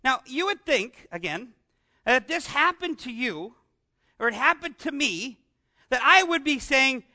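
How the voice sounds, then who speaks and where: A man preaching a conversational sermon into an amplified microphone, animated and often asking his congregation rhetorical questions. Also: very high-pitched, measured pace. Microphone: amplified microphone with some feedback.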